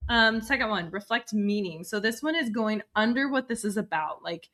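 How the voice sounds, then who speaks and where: A woman therapist and mother explaining communication skills in a relaxed, chatty podcast conversation. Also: medium pitch, normal speed. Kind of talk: casual podcast chat.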